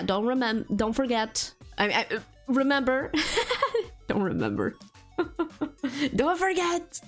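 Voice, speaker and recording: Giggly woman streamer, non-native English accent. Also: medium pitch. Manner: chatty, giggly, answers chat. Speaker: VTuber streamer. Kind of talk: casual live-stream chat with viewers.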